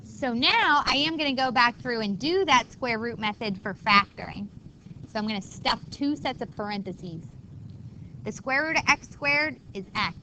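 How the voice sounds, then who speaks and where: Woman math teacher, bright tone, chatty classroom explainer, slight room noise. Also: a little high, lively intonation, moderate pace, low-quality recording. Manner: chatty, explains step by step to students. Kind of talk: classroom lecture.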